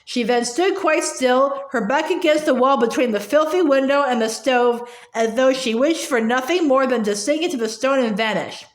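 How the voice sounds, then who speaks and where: A woman reads a novel aloud in a high, light voice, stumbling and restarting words with drawn-out "uh" pauses between lines. Her room gives the recording a clear echo. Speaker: audiobook reader. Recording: echoey room.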